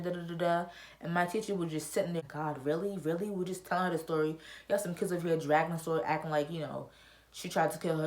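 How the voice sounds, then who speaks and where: A teenage girl vlogging a storytime straight to her viewers. She rattles along at a quick clip in a slightly low voice, chatty and full of slang. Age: teens. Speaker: YouTuber. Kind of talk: casual storytime vlog.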